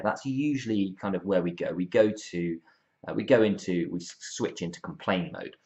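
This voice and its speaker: A man's voice: sits low, normal speed, darkish tone, highs cut off. A man giving a casual Bible talk, informal, with many ums and restarts as he acts out quotes. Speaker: youth Bible talk presenter.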